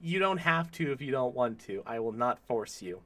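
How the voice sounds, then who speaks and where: A man's voice: mid-range voice, animated, normal speed, fairly bright tone. A man in his twenties bantering playfully in casual stream chat, trading mock threats with a friend. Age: 20s.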